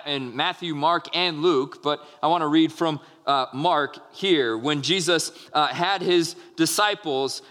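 A pastor preaches a sermon earnestly to his congregation, restarting phrases as he explains and acting out short quotes. His voice is fairly high and sharp, and the recording carries a long hall reverb.

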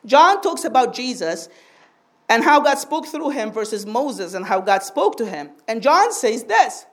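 A woman with a high, bright-pitched voice preaches a sermon to her congregation. She teaches patiently and keeps asking for an amen. She slows down and stretches out the phrases she wants to stress. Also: big pitch swings. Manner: draws out key phrases slowly for emphasis.

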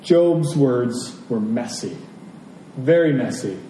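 A man's voice: medium pitch, lively intonation, slow pace, mellow, a little hiss or hum. A man preaching a sermon as pastor, emphatic, asking rhetorical questions and repeating key phrases. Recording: roomy, distant from the mic, faint ambience.

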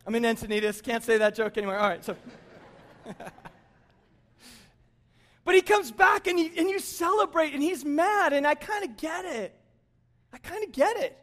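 A man's voice: very high-pitched, normal speed, long pauses. A man preaching a sermon, acting out the characters he quotes and joking with the congregation. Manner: animated, acts out quoted characters, jokes with the congregation. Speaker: pastor.

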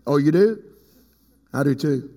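A man preaching a sermon as pastor. He swings from loud, high passages to quiet low asides and calls on people in the congregation by name. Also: animated, measured pace. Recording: long hall reverb.

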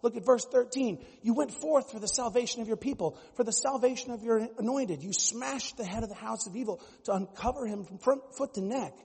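Husky high-voiced guy preaching in a big echoey church, lively. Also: fairly quick, hardly any pauses. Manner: animated preaching, mimics voices. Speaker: pastor. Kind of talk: sermon.

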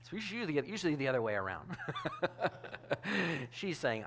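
A man's voice: fairly high pitch, sing-song, moderate pace, a bit bright. A male pastor delivering a sermon in a conversational, emphatic way, often restarting his phrases.

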